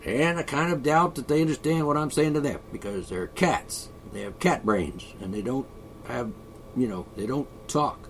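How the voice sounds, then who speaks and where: A man's voice: mid-range voice, moderate pace, a little hiss or hum. A man vlogging an opinionated, rambling monologue, sarcastic and sighing often. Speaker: video blogger.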